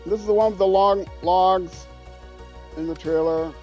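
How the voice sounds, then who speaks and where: A man's voice: high-pitched, fairly even intonation, measured pace, a little mellow, soft background music. A man streaming a driving game, talking himself through each step with joking asides, with a Minnesota accent. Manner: talks to himself while playing, joking asides. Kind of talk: casual gameplay commentary.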